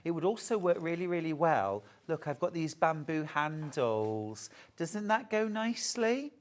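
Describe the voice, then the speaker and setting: Low-voiced British woman, middle-aged, chatty live shopping-channel host. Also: lively intonation, measured pace. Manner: chatty, gushing over fabrics.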